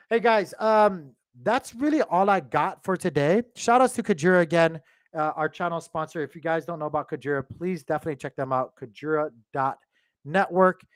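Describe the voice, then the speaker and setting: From home, a crypto channel host with a voice on the high side chats about the market to viewers at a moderate pace. His delivery wanders, thinking out loud with many fillers, and the sound is studio quality without echo.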